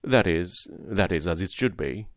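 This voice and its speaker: A man voicing a principled cab driver and father in a storybook reading, speaking firmly and gravely. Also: low-pitched, animated, unhurried, no room sound, clean studio sound. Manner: firm, moralizing.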